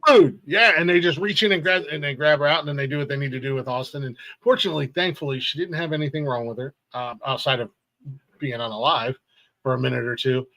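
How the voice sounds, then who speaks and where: A middle-aged man on a casual podcast, his gravelly voice recorded dry and close. He stops and restarts often, filling the gaps with "uh" and "like". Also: medium pitch, steady tone, pushed and bright, dry recording, low-quality recording. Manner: rambling, halting with many fillers. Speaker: podcast co-host.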